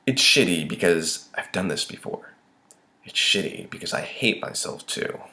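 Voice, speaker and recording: Brief: young male author reading his short story, low-pitched, lively and expressive. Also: moderate pace, creaky. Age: young adult. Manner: expressive, dramatic swings in tone.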